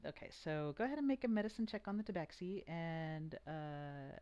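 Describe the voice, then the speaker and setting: A game master running an online tabletop game, describing scenes in a rambling, hesitant way with many pauses and fillers. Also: mid-range voice, expressive, darkish tone, smooth, dull audio.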